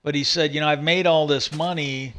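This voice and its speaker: Casting note: male livestream host, slightly higher voice, casual rambling storyteller, plenty of fillers and restarts. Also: steady tone, fairly quick, fairly bright tone. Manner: retells stories with many "he goes", frequent restarts and fillers.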